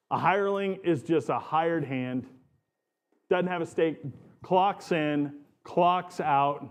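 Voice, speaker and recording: A man preaching a sermon as pastor of his church, earnest and emphatic, stretching out key phrases. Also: a little high.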